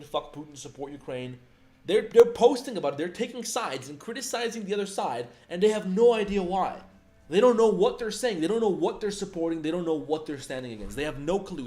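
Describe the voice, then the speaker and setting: A man's voice: a little high, darkish tone. A man in his twenties ranting heatedly on a livestream, profane and firing off rhetorical questions. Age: 20s. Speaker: livestream host.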